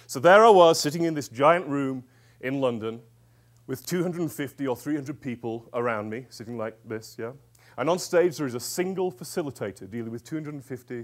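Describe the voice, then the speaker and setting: A man, an author and executive coach, telling stories in a lively, conversational talk to a live audience and checking in with them along the way. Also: medium pitch.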